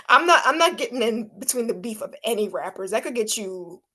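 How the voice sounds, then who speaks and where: A woman's voice: fairly high pitch, normal speed. A young woman co-hosting a podcast, chatty, packing her talk with "like" and acting out voices when she quotes people. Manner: chatty, many "like" fillers, animated when quoting. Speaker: podcast co-host. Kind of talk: casual chat.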